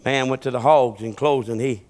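A man preaching a sermon in a folksy way, swinging between shouting and low muttering. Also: fairly even intonation, normal speed, long reverb tail.

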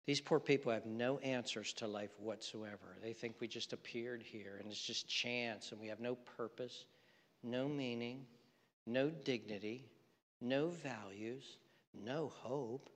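A man preaching a sermon, swinging from loud mocking outbursts to soft, earnest appeals. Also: medium pitch, big-room sound. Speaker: pastor.

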